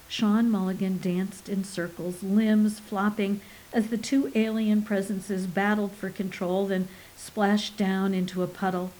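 A woman narrating an audiobook in an expressive storytelling delivery. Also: mid-range voice, measured pace, low-quality recording.

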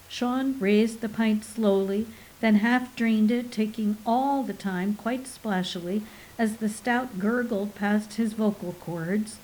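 A woman narrating an audiobook in an expressive storytelling delivery. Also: mid-range voice, takes it slowly, a little hiss or hum, poor audio.

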